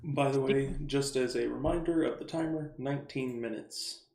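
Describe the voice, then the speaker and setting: Gravelly game master with a casual drawl. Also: male voice, medium pitch, normal speed, a little mellow, slight background noise. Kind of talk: narrating a tabletop game.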